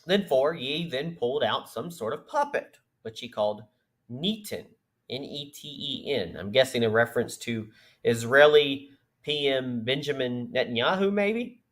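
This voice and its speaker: A man's voice: medium pitch, lively intonation, moderate pace, fairly bright tone. A man hosting a political podcast, reading news aloud with sarcastic asides. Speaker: podcast host. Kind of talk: political commentary.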